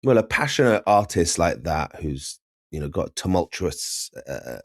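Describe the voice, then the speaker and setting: A young man from Syria co-hosting a podcast, chatting casually and telling animated stories with laughs. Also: low-pitched, a little slow, dry recording, clean studio sound. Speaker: podcast co-host. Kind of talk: casual chat.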